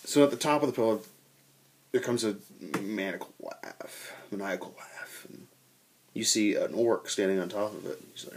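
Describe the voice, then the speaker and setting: Young guy telling a tabletop war story, animated, swears a lot, kinda husky voice. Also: fairly low pitch, normal speed. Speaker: storyteller recounting a tabletop game. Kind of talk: casual storytelling.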